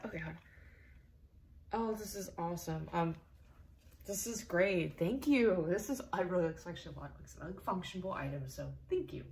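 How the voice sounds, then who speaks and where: A young woman vlogging an unboxing in casual chat, gushing and excitable, sometimes dropping to a whisper. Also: lowish voice, moderate pace. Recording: roomy echo, faint noise.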